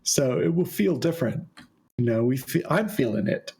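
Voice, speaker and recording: Gravelly-voiced man hosting a podcast. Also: mid-range voice, normal speed. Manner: relaxed storytelling with frequent fillers. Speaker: podcast host. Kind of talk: casual podcast chat.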